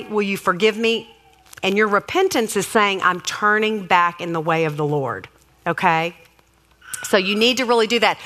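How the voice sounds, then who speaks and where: A woman's voice: on the high side, fairly bright tone. A middle-aged woman giving an earnest, faith-based parenting talk, urging her listeners directly and calling them guys. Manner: earnest and exhortative, addresses audience as guys. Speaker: speaker teaching parents.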